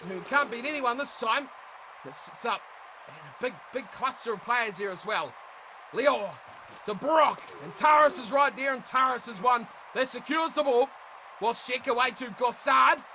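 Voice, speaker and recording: A young man giving animated play-by-play commentary on a rugby management game, shouting at big plays and chatting to viewers. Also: very high-pitched, a little hiss or hum, low-quality recording. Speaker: gaming commentator.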